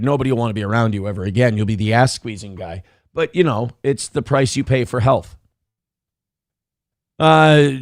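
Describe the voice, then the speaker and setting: A man's voice: on the high side, creaky, no echo, clean studio sound. A man hosting a live show, reading out chat messages with crude, self-mocking jokes and rambling asides. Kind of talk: casual live-stream chat.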